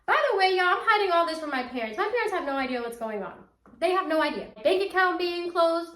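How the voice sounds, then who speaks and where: Bright high-voiced young woman, animated. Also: fast talker. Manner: animated, acts out quotes, talks straight to viewers. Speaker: storytime vlogger. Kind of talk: casual storytelling to camera. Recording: echoey room.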